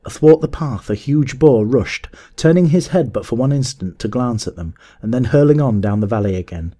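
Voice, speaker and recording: A man narrating a classic adventure story as an audiobook, in a measured storytelling manner. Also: mid-range voice. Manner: measured, even storytelling that rises to shouts in dialogue.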